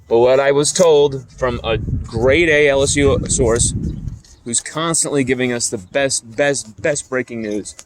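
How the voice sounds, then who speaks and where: A man's voice: mid-range voice, unhurried, background noise. A man hosting a sports commentary show, delivering a blunt, heated, profane opinion rant and repeating his points for emphasis.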